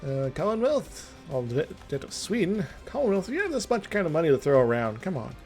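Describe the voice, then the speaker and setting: A man's voice: fairly high pitch, very animated, a little fast, a little mellow, faint music behind. A man streaming a strategy game live, rambling through his thoughts aloud in a jokey, self-amused way. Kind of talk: casual strategy-game commentary.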